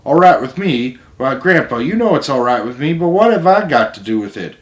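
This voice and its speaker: A man's voice: medium pitch, sing-song, a little fast, lightly acted. A man voicing an eager, wide-eyed country boy who asks breathless questions. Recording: roomy echo.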